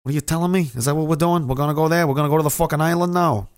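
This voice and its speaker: A man's voice: fairly high pitch, steady tone, very fast, clean tone, natural voice. A man voicing a brash, hot-headed mobster-type guy who argues and swears as he rants. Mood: blustering. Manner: blustering, argumentative, swearing.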